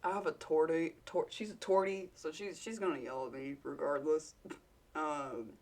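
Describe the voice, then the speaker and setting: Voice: medium pitch, fairly even intonation, normal speed. A vlogger with a Southern US accent, telling a work story in a rambling, candid way with casual swearing.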